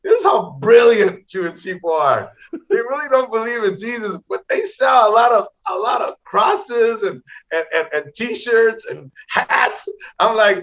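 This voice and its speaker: A middle-aged man from Los Angeles, a comedian telling wild stories in an energetic way, always saying "bro" and "man.". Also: sits high, moderate pace. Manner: energetic, repeats "bro" and "man", acts out voices. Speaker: comedian guest. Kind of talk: animated storytelling. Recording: slightly dull lo-fi audio.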